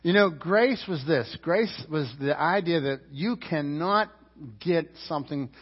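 A man preaching a sermon as pastor, emphatic, swinging from loud climbs to low quiet drops. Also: expressive, a little slow, slightly rough. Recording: roomy church hall, dull lo-fi sound.

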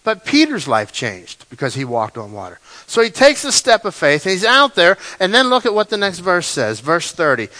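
A male pastor preaching a sermon, telling the story dramatically and swinging between loud and quiet passages. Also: high-pitched, normal speed, few pauses, poor audio. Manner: animated, dramatic storytelling with big swings in loudness.

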